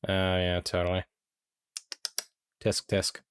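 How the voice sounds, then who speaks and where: A man's voice: deep voice, completely flat delivery, slow, clear, resonant tone, no echo. A man co-hosting a podcast, bantering in a dry, teasing way. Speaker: podcast co-host. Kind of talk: casual banter while reading.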